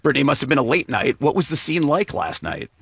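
A man's voice: medium pitch, big pitch swings, fast, vocal fry, fairly bright tone, husky, no room sound. A man hosting a radio news program, introducing reports and interviewing a reporter in a studio. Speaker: news host. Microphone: studio microphone.

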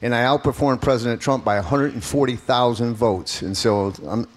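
A man's voice: medium pitch, moderate pace. A man in his fifties, an earnest and emphatic political candidate answering questions as a radio interview guest.

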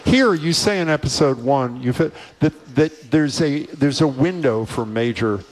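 A man's voice: fairly high pitch, expressive, a little slow, poor audio. A man hosting a podcast who asks questions and cuts in with wry remarks. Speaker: podcast host. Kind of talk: interview questioning.

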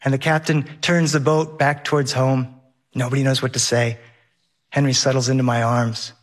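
A man's voice: medium pitch, level tone, moderate pace. A man telling a first-person story on stage, with vivid and well-paced narration.

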